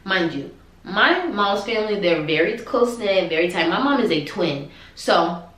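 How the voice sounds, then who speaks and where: Woman vlogger, lively storyteller who swoops in pitch, echoey room. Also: normal speed, a little hiss or hum. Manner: animated, excited retelling with quoted dialogue. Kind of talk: casual storytime. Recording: roomy echo.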